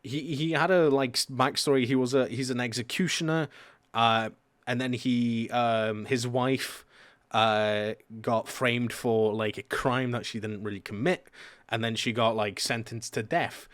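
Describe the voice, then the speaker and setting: A man's voice: mid-range voice, steady tone, measured pace, a bit bright. A man chats casually on a live stream, rambling through his stories. He leans on fillers and restarts, and he swears offhandedly as he talks.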